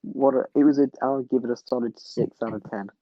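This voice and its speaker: A man's voice: medium pitch, fairly even intonation, fairly quick, no echo, lo-fi sound. A man co-hosting a podcast, chatting casually, swearing freely and laughing at his own jokes. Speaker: podcast co-host. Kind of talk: casual chat.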